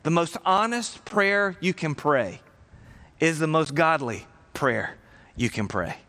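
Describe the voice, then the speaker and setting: A man preaching a sermon as pastor, earnest and emphatic, with reflective pauses. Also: a little high, animated, pushed and bright.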